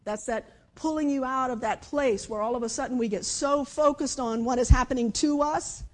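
A woman preaching a conversational sermon, moving between lively emphasis and hushed, quiet passages. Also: high voice, normal speed. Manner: conversational, with dramatic shifts between loud and hushed speech. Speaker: speaker giving a devotional message.

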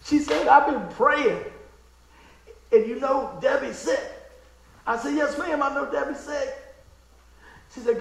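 Folksy high-voiced preacher telling a story. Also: male voice, measured pace, gravelly, long pauses, reverberant, rough recording. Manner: folksy, emotional, swings from hushed to exclaiming. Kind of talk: storytelling sermon.

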